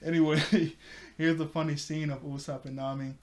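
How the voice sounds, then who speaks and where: A chatty man with a slightly high voice, recapping an episode in a loose, conversational way. He laughs often as he talks. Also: level tone, moderate pace. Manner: giggly, chatty. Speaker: anime reviewer.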